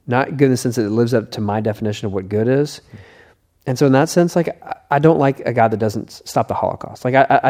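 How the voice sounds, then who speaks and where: A man's voice: mid-range voice, a little mellow. A man who is an author, a guest in a casual interview, telling stories earnestly.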